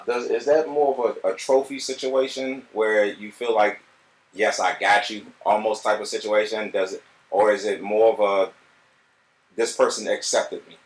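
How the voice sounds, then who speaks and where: A man with a fairly low voice asks careful, probing interview questions. He sounds far from the mic in an echoey room. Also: fairly even intonation, moderate pace.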